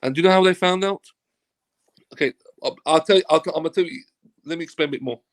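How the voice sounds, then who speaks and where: A man's voice: fairly high pitch, fast talker. A man, a football agent, telling a casual anecdote as an interview guest, acting out dialogue and swearing freely. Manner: animated storyteller who acts out quoted dialogue and swears freely.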